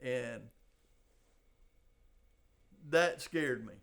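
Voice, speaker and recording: Older man, police sergeant, gravelly voice, halting storytelling, lots of "you know". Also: mid-range voice, fairly bright tone. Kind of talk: storytelling in a podcast interview.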